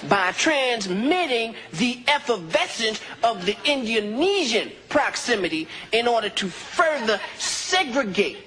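An actor playing a pompous jailbird who mangles big words with mock gravity, heard in a clip. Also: male voice, extremely high pitch, sing-song, a little slow, few pauses, bright, forceful tone, a little hiss or hum, heavily acted. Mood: mock solemn.

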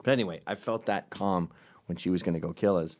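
A man's voice: low-pitched, quick pace, a little mellow. A middle-aged man from Scotland telling a crude, rambling comic story at home at night.

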